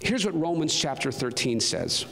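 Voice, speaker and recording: A man's voice: a little high, sing-song, moderate pace, gravelly, a bit bright. A man preaching a personal testimony sermon as pastor, telling his story earnestly and rising to fervent emphasis. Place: church sanctuary. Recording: long reverb of a large hall.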